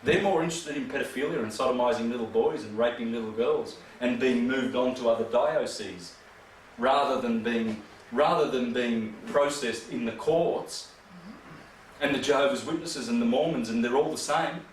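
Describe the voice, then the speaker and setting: A man's voice: mid-range voice, normal speed. A man giving a rambling, emphatic lecture full of rhetorical questions. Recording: echoey room from far off, faint noise.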